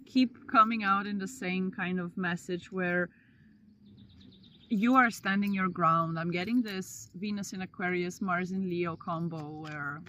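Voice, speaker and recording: A woman's voice: on the low side, steady tone, a little slow, a bit bright, a little hiss or hum. A woman giving a casual tarot reading to her viewers, chatty and slangy, with playful asides. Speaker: tarot reader.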